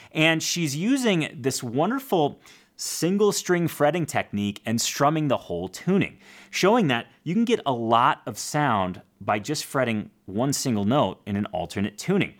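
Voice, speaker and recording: A man teaching a casual guitar lesson, explaining plainly, counting strum patterns aloud and adding self-deprecating asides. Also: mid-range voice.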